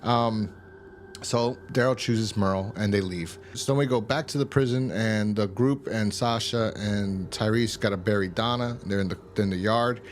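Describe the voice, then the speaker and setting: A man's voice: on the low side, normal speed, a little hiss or hum. A man casually recapping a TV episode in a rambling way, with many fillers and restarts. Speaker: TV episode reviewer.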